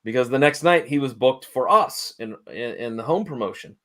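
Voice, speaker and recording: A middle-aged man, a guest in an interview, telling a lively story in casual conversation and acting out the people he quotes. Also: mid-range voice, normal speed. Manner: animated storyteller, acts out quoted dialogue. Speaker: interview guest, wrestling manager.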